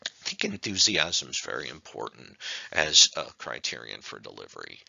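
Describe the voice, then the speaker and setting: Low gravelly male lecturer, dull audio. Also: very animated, moderate pace, bright, forceful tone, no room sound. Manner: conversational, with many fillers and rhetorical questions. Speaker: speech instructor. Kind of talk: recorded online lecture.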